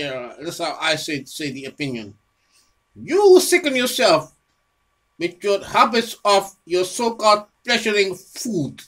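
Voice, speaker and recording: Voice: medium pitch, bright, forceful tone. A person giving a rambling unscripted monologue about their own research, often repeating words and restarting phrases, and scolding an imagined listener. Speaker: home video presenter showing own research.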